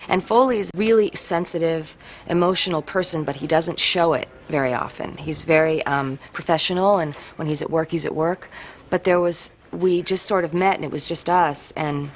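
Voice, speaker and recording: A woman's voice: sits low, moderate pace, slight background noise. A woman in an interview, telling a story about a castmate. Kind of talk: interview reminiscence.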